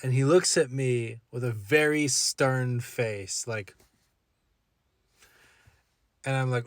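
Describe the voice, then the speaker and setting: A man's voice: medium pitch, slow pace, no echo. A young adult man, a content creator, animatedly retelling a story with self-mocking asides. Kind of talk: storytelling to camera.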